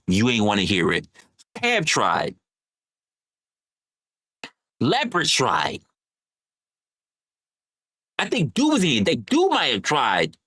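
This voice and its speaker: Livestream host, heated profane rant, repetitive scolding, lively swooping pitch, dry sound. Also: dry recording.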